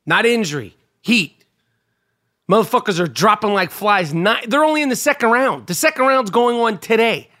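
A man's voice: sits high, animated, moderate pace, pushed and bright. A man hosting a podcast, telling a rambling, profane story in a casual monologue. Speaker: podcast host. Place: New York.

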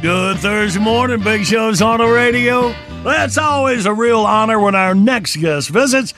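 Upbeat high-voiced male radio host. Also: expressive, unhurried, over music. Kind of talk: morning radio comedy chat.

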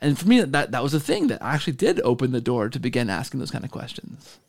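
A man hosting a podcast, telling a story in a casual, animated way and checking in with a frequent "right?". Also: medium pitch, fast talker, vocal fry. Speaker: podcast host.

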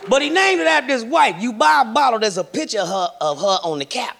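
A man performing a stand-up comedy routine, loud and profane, shouting his punchlines. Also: very high voice, sing-song, brisk, vocal fry, a faint crowd, slight background noise. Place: comedy stage before a large audience. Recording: live show with loud roaring audience.

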